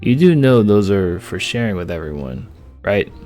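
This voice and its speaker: A man voicing a cheerful, sweet young woman baker who talks in a playful, polite, enthusiastic way, in a low voice of his own. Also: very animated, moderate pace, a little mellow, faint music behind.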